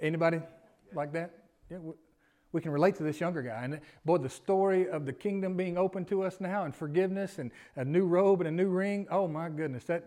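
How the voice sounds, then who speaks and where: A man's voice: a little high, darkish tone. A man preaching a sermon as pastor, folksy, often chuckling and asking the congregation questions. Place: church sanctuary.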